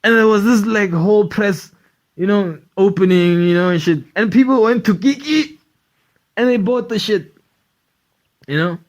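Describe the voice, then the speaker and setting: Man, podcast host, rambling casual chat, swears a lot, heavy fillers, higher voice.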